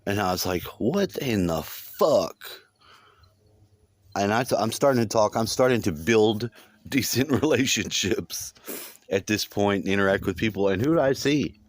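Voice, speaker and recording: A man's voice: fairly low pitch, moderate pace, dry recording. A man telling a long dream in a rambling, casual monologue, swearing often and repeating himself. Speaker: vlogger recounting a dream.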